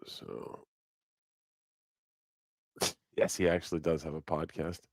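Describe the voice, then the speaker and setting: A man's voice: extremely low pitch, slow, creaky, background noise. A man hosting a live stream, chatting casually in a rambling, profane, joking way. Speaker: livestream host. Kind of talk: casual livestream chat.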